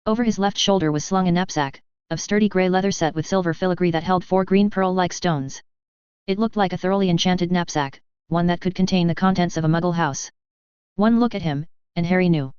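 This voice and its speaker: A woman reads a story aloud in a steady, measured way. Her voice is very clear and sits a little low. The recording is close and dry, with a dull, lo-fi sound. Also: no room sound. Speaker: audiobook narrator. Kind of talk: scripted narration.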